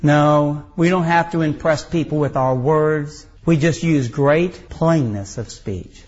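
Male pastor, high tenor, emphatic folksy sermon, dull lo-fi recording. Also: slow, a little mellow. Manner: folksy, emphatic preaching with rising outbursts.

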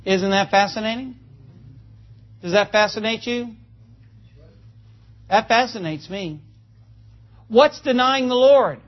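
A man's voice: sits high, slow pace, long pauses, muffled recording. A man preaching a sermon, folksy and joking, asking the congregation for amens. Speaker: pastor. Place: church.

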